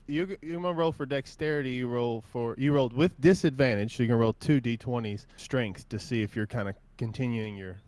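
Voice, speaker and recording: A man's voice: mid-range voice, a little fast, few pauses, a little mellow. A man narrating a tabletop game as game master, laid-back and full of hedging fillers.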